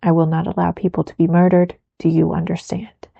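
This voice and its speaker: A woman voicing a stern, grumbling male castellan in a soft whispered role-play reading. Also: fairly low pitch, completely flat delivery, a little fast, gravelly, slightly rough, dry recording, dull audio, heavily acted. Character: gruff wary male castellan, stern official.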